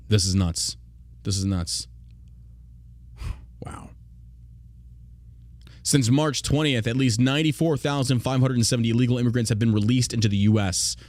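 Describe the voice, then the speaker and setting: Fast-talking, profane podcast host. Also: male voice, mid-range voice, darkish tone, no echo, clean studio sound. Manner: heated, profane, reads news aloud with ranting asides. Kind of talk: political podcast commentary.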